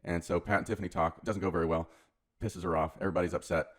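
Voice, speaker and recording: A man's voice: sits low, steady tone, racing. A man hosting his channel, casually retelling a film plot in a rambling, offhand, slangy way. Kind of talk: casual comedic film recap.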